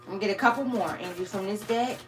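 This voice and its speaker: A woman's voice: medium pitch, fast, music in the background. A woman giving a channeled tarot reading to her viewers, casual and blunt, swearing freely and calling them her babies. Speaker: tarot reader.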